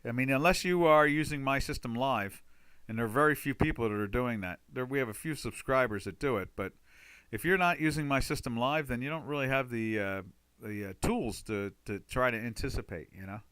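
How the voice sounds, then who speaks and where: Chatty bright-voiced man hosting a webinar. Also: mid-range voice, brisk, smooth, dry recording. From United States. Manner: chatty, rambling, exclaims loudly in frustration. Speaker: trading webinar host. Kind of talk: casual live webinar talk.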